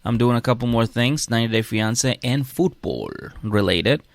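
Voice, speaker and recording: A man's voice: mid-range voice, moderate pace, vocal fry, dry recording. Podcast guy just rambling, lots of restarts, acts out voices, dry close mic. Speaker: podcast co-host. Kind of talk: casual chat.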